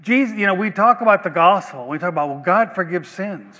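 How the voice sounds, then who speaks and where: Pastor, male, slightly high voice, deliberate emphatic delivery, church hall reverb. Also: expressive, bright, forceful tone. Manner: slow, emphatic preaching with long pauses. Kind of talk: sermon. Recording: long reverb of a large hall.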